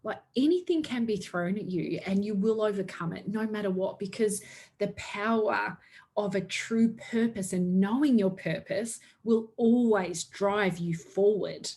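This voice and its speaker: A woman's voice: medium pitch, unhurried, darkish tone. Upbeat woman giving a motivational pep talk. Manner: upbeat and earnest, with frequent laughs. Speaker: network marketing team leader. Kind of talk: motivational talk to her team.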